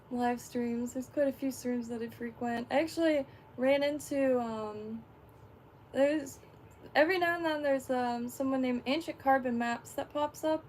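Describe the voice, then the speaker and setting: A woman's voice: high-pitched, darkish tone, a little hiss or hum. A woman from Florida chatting on a livestream, rambling with lots of fillers and frequent laughs. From Florida, USA. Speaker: fishing livestreamer. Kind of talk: casual livestream chat.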